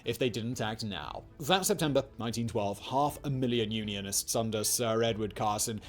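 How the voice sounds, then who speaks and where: A man's voice: fairly low pitch, normal speed, faint music behind. A man narrating a scripted history piece with wry, jokey asides. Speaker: documentary narrator.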